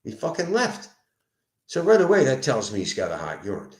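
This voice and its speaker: A man with a Philadelphia accent, a sober house manager, telling a story at home in an animated, profane way. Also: mid-range voice, fairly quick. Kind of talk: casual venting monologue. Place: indoors at home. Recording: roomy echo.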